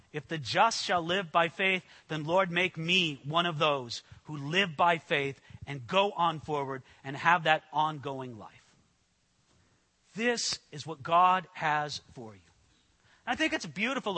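A man's voice: high-pitched, bright, forceful tone. Earnest male preacher in a reverberant hall. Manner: earnest, emphatic preaching with slow stressed scripture quotes. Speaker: pastor. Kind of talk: sermon. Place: church hall with an audience.

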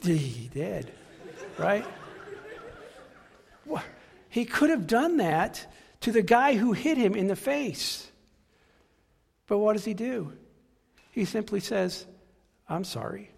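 A man's voice: sits high, very animated, takes it slowly, gravelly, long pauses, breathy edge, a faint crowd. Impassioned man preaching in a reverberant hall. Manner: impassioned, repeats phrases for emphasis. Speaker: pastor. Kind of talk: sermon.

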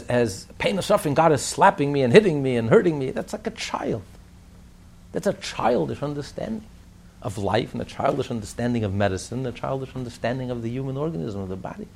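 A man's voice: medium pitch, gravelly, a little mellow, a little hiss or hum. A man teaching a religious text class in an emphatic manner, repeating his points and asking rhetorical questions. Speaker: Torah teacher.

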